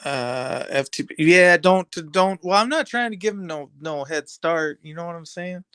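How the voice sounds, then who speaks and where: A man rambles through casual talk with his live stream audience, full of street slang. His voice sits a little high and sounds smooth and clean. The sound is dry, with no room around it. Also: expressive, moderate pace, fairly bright tone, no echo. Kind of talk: casual chat with stream viewers.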